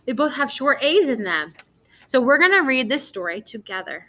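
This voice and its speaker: A young woman teacher giving a recorded reading lesson to first graders, slow and encouraging, stretching words out for small children. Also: high voice, very animated, sharp tone, rough recording.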